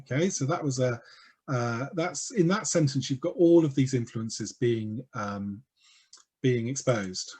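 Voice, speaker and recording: A man giving an educational talk, explaining in a lively, playful way with quick asides. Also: mid-range voice, husky. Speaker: speaker on language history.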